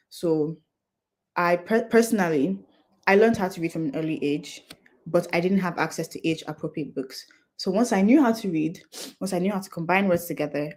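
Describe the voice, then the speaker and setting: Young adult woman, conference speaker, earnest explainer, voice sits a bit low. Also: darkish tone. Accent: non-Nigerian English accent. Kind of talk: talk to an audience.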